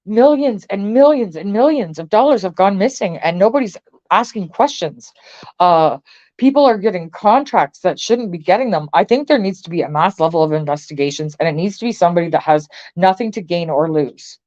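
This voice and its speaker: A woman's voice: on the low side, expressive, a little fast, a little mellow, muffled recording. A woman from Canada, ranting to her viewers in a blunt, profane, filler-heavy way. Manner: blunt and profane, frequent swearing and filler words. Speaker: vlogger. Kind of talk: angry political rant to camera.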